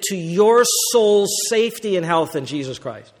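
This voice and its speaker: Animated male preacher in a reverberant hall. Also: high-pitched, normal speed. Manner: animated preaching, acting out quoted voices, rhetorical questions. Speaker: pastor. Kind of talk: sermon. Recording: long reverb of a church hall.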